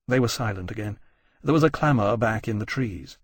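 A man narrating a novel in a measured, even reading. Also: lowish voice, no echo, studio quality. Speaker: audiobook narrator. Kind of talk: scripted narration.

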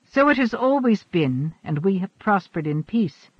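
A man reading the part of a stern old shaman in an audiobook, speaking gravely and in a measured way. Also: big pitch swings, no echo, heavily acted. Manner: measured, grave, low-spoken. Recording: dull, dry recording.

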